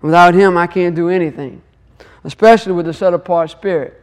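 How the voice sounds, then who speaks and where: A man's voice: sits high, steady tone, brisk. A man giving an earnest devotional teaching on scripture, repeating phrases and praying aloud. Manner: earnest, repetitive, prays aloud. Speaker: Torah teacher.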